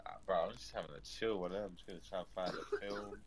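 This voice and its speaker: A man, chatting casually on a live stream in slang and with swearing, coughing and feeling rough. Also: low-pitched, fairly even intonation, fast, noisy background. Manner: slangy, swearing, says bro a lot. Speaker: fellow streamer.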